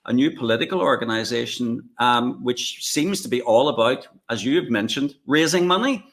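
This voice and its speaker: A man co-hosting a political discussion, talking in a halting way with many fillers and restarts. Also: mid-range voice, animated, fairly bright tone. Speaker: co-host.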